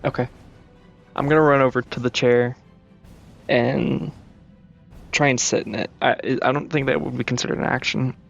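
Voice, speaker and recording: A man playing a tabletop game, chatting casually and thinking aloud with hesitant pauses. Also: mid-range voice, steady tone, creaky, a bit bright, lo-fi sound, faint music behind. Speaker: player.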